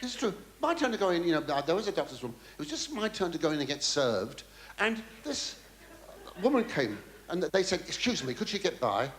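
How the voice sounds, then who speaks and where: A man's voice: sits high, big pitch swings, fairly quick, fairly bright tone, a little hiss or hum. A man doing a camp, theatrical stand-up act with the audience. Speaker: comedian. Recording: echoey live venue with laughter.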